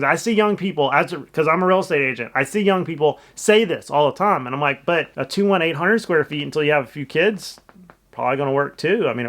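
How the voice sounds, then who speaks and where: A middle-aged man talks casually to his viewers, sharing strong opinions and asking for their thoughts. His voice sits a little on the high side for a man. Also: a bit bright. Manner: chatty, opinionated, asks viewers questions. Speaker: vlogger and real estate agent. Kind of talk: casual commentary vlog.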